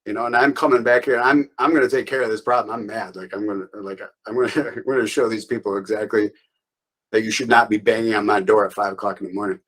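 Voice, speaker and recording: A man's voice: fairly low pitch, fairly even intonation, fast, fairly bright tone, low-quality recording. A man being interviewed, telling a long story in a loose, rambling way with restarts and small laughs. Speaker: interview guest.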